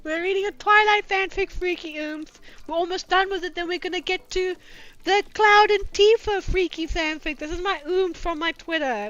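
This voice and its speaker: A young woman streamer doing a comic dramatic reading of fanfiction, with sarcastic, profane, deadpan asides into a streaming mic. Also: very high voice, moderate pace. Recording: dull lo-fi with music behind.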